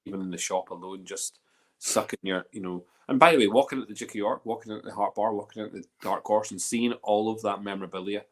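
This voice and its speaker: A man's voice: lowish voice, steady tone, fast. A man in casual chat, enthusiastic and often restarting his sentences.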